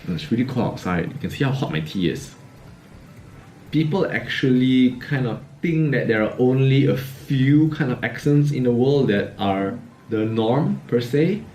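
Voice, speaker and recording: A man's voice: on the low side, darkish tone, roomy sound, slight background noise. A young man from Malaysia with a Malaysian English accent, vlogging in a casual, musing way, his statements often rising like questions. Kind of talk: casual reflective talk to camera. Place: outdoors in cold weather.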